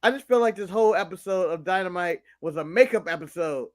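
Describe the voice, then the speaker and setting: American male co-host, high voice, rambling and joking. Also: lively intonation, quick pace. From United States. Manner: joking, rambling, apologetic asides. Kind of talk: casual podcast chat.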